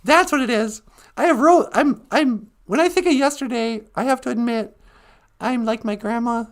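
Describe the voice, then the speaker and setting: A woman's voice: fairly high pitch, moderate pace. A woman from northern Minnesota, hosting a casual live stream, chatty and teasing with frequent laughter.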